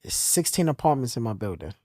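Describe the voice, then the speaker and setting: A young man telling stories in casual conversation, swinging between low, quiet stretches and loud bursts. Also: big pitch swings, quick pace, no room sound, studio quality. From New York. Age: young adult. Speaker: podcast guest telling his story.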